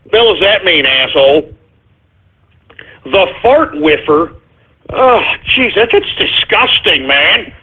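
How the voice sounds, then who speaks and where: A man hosting a call-in radio show, ranting angrily with profanity and sudden shouts. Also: a little high, animated, slow, long pauses, breathy edge. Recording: phone-like narrow sound.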